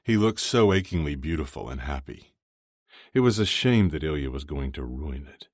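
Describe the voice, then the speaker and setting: A man narrating an audiobook in an even, measured reading. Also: rumbling low, no echo, studio quality. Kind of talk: scripted narration.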